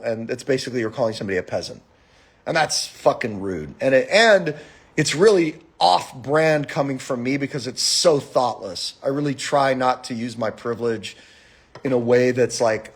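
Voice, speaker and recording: A man hosting a live stream, telling a story in a profane, animated, casual monologue. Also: mid-range voice, slightly rough.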